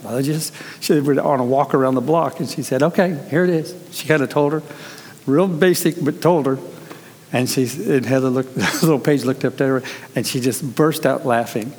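A man's voice: medium pitch, normal speed, a little mellow. A man preaching a conversational sermon as pastor, earnest, telling stories and quoting people with animation. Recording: long reverb of a large hall.

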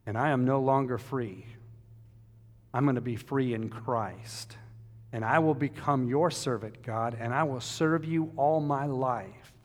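An older man preaching a sermon, storytelling and emphatic, rising loud then dropping soft, in a church. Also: mid-range voice, a little slow. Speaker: pastor. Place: church sanctuary. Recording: long hall reverb.

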